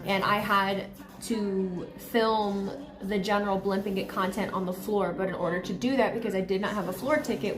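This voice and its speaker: A woman hosting a live watchalong stream, talking casually and rambling with lots of fillers, her voice a bit hoarse. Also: medium pitch, echoey room. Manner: chatty, rambling, heavy use of "like". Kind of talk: live casual reaction chat.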